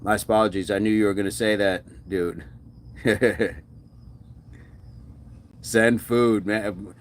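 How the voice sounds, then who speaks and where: A man's voice: lowish voice, steady tone, takes it slowly, a little hiss or hum. Upbeat man reading live chat aloud. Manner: upbeat, reads viewer comments aloud, laughs often. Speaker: fitness streamer. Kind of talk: casual live-stream chat.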